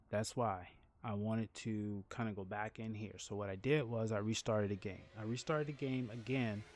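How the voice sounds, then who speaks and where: A game streamer from New Orleans, Louisiana, rambles through a casual livestream chat in a mid-range voice. He repeats and restarts words and tells stories animatedly, laughing along the way.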